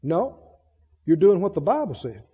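A man's voice: high-pitched, big pitch swings, moderate pace, mellow, breathy edge, in a large hall, muffled recording. A male preacher delivering an emphatic sermon, calling out to the congregation for responses and acting out voices.

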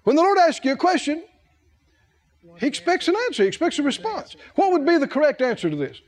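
Older male preacher, high lively voice, roomy hall reverb, playful delivery. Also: quick pace. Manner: animated, playful, laughs often. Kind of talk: sermon.

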